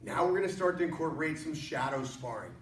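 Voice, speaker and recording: Quick-paced and high-voiced, this martial arts instructor leads an online class from his studio, joking energetically as he coaches. He's far from the mic, the room echoes, and a faint hiss sits under everything.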